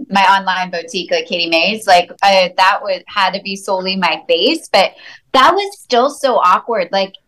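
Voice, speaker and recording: A woman's voice: mid-range voice, low-quality recording. A woman co-hosting a podcast, chatting casually and acting out little retellings. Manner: chatty, animated retellings, says "like" often. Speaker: podcast co-host, boutique owner.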